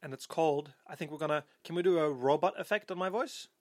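A man's voice: a little high, fast, no room sound, studio quality. A man hosting a podcast, chatting casually in a playful, teasing way. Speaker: podcast host.

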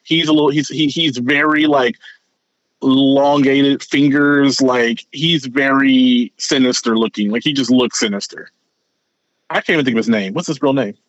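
A man's voice: medium pitch, moderate pace, no room sound. A man co-hosts a casual podcast chat, rambling along, stumbling over repeated words and then sprinting ahead. His voice sits in an ordinary middle range. The recording is dull and lo-fi, close and dry. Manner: rambling, animated, repeats words while thinking. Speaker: podcast co-host. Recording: dull, lo-fi sound.

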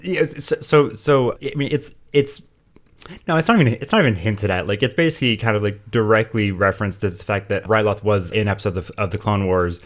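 A man's voice: lowish voice, brisk. A man co-hosting a podcast, talking eagerly and rambling with many restarts. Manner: rambling, full of fillers and restarts, enthusiastic. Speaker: podcast co-host. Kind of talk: casual chat.

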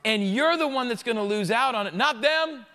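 A man, a pastor, preaching a sermon in a conversational, jokey, animated way. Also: very high-pitched, moderate pace, in a large hall.

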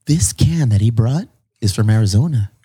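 A man's voice: on the low side, lively intonation, normal speed, warm tone, slightly rough. Man, casual podcast chat, laid-back, slangy, profane. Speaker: podcast co-host.

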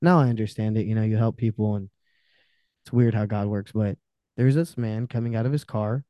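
A young man, a podcast guest, telling candid personal stories with intensity, swearing freely and swinging between loud outbursts and quiet trailing-off. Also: lowish voice, a little fast, dry recording, dull audio. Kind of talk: candid personal storytelling in conversation.

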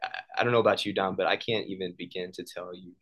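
A man's voice: low voice, steady tone, fast, muffled recording. A man co-hosting a faith podcast, talking casually with lots of fillers and easy jokes. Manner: warm, joking, filler-heavy talk. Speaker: podcast co-host.

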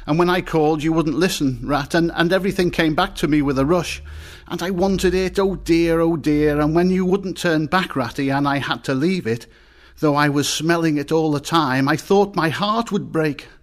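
A small, homesick male mole, voiced by a man reading a storybook, his voice pushed high and thin as he sobs. The words come out broken and pleading, catching between breaths. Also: normal speed, natural voice. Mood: tearful pleading. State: crying.

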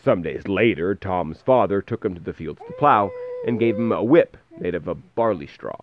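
A man reading a fairy tale aloud in a lively way, pausing to explain words. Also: low voice, dull audio, noisy background. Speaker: storyteller.

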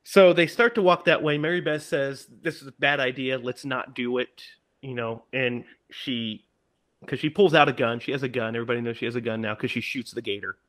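A man co-hosting a podcast, casually retelling a horror film in an animated way and acting out the characters' lines. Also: mid-range voice, brisk. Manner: animated, acts out characters' lines in put-on voices. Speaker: podcast co-host.

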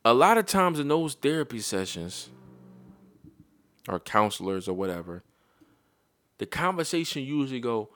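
A man's voice: medium pitch, very animated, moderate pace, long pauses, fairly bright tone, dry recording. Guy ranting his opinions, blunt and swearing a lot, dry close sound. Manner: blunt, profane, heated rant. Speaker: parent sharing opinions. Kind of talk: opinion monologue to viewers.

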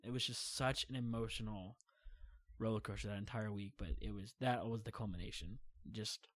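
A man's voice: on the low side, normal speed, dry recording. A young man casually telling a long travel story, rambling with many fillers and acting out quotes. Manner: rambling, filler-heavy, animated retelling. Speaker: guest storyteller.

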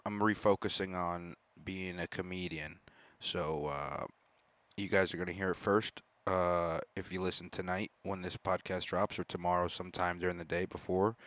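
A man's voice: sits low, fairly bright tone, dry recording. A young man hosting his own podcast, chatting casually in a profane, rambling, joking way. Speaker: podcast host. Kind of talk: casual chat.

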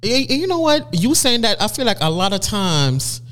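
A man hosting a podcast who chats casually and loves to tease. His voice runs a little high, and he talks in sassy, slang-heavy banter. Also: sing-song, normal speed, fairly bright tone. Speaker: podcast host. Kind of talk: casual chat.

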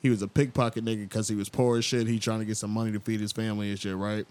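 A man hosting a casual podcast, retelling an anime scene in an animated, storytelling way. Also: racing. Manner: animated storyteller, jumps into loud high voices for quoted characters. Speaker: podcast host.

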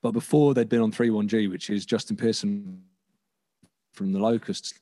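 Low, mellow-voiced man. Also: steady tone, normal speed. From England. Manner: rambling, swears casually, many restarts. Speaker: podcast guest musician. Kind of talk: casual chat.

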